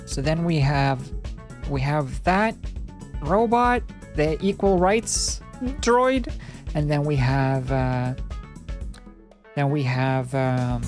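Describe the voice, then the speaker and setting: A woman's voice: deep voice, animated, takes it slowly, long pauses, a little mellow, faint music behind. A young woman streaming, giving casual, rambling, sarcastic commentary.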